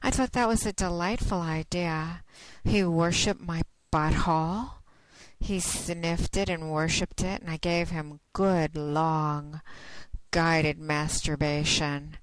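A woman's voice: deep voice, fairly even intonation, slow, no room sound, low-quality recording. A woman hosting her own podcast, talking in a playful, teasing, casual monologue. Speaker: podcast host.

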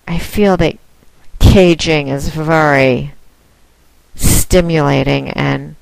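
Woman, lower voice, unhurried, dominant and teasing, casual monologue, recorded dry and close. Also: creaky, no room sound, low-quality recording. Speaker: phone domination mistress promoting her line.

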